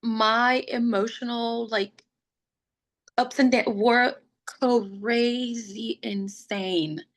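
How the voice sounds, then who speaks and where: A young adult woman, a podcast guest, telling her pregnancy story in a casual, chatty way, full of "like" and quick laughs, open and emotional. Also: on the high side, steady tone. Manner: chatty, fills speech with "like", laughs often.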